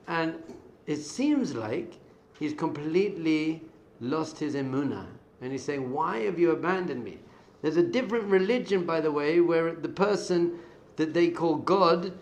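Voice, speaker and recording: A middle-aged man, a rabbi, giving a lively Torah class to yeshiva students, moving between loud emphatic bursts and quiet asides and dropping Hebrew terms into his talk. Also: on the high side, unhurried.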